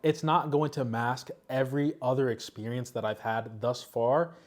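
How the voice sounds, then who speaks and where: A man's voice: mid-range voice, fairly even intonation, normal speed, no room sound. A man giving a casual tech review, emphatic and frustrated, speaking bluntly.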